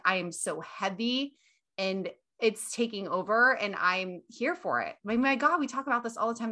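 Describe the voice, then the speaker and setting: On her podcast, a young woman chats loosely and casually in a bright, forward, mid-range voice. She gushes, hits her words hard, and swears freely throughout.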